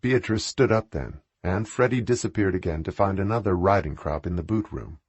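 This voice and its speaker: Husky male audiobook narrator. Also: low voice, lively intonation, brisk, hardly any pauses, no echo.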